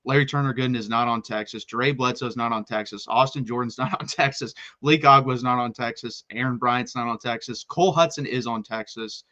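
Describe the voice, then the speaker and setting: A man co-hosting a college football talk show, chatting casually in an excitable, rapid-fire way and often restarting his sentences. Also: mid-range voice, highs cut off. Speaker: college football podcast co-host. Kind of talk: casual sports chat.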